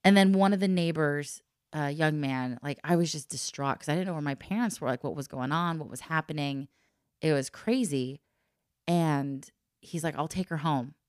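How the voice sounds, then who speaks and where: A woman with a low voice tells a personal story in relaxed, casual talk. She sounds lively and laughs often, slipping into the voices of the people she quotes. The sound is close and dry, with no room around it. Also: moderate pace, no room sound. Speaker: guest telling a personal story.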